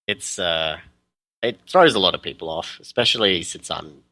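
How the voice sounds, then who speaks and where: An Australian man with a deep voice that has a gravelly edge to it, answering questions in a relaxed podcast chat. His tone is bright and forward, and he laughs easily and pauses on fillers as he talks. The sound is dry and close, with no room around it. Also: no room sound. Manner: easygoing, laughs often, many "um" pauses. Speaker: guest, custom terrain maker. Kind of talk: casual podcast interview.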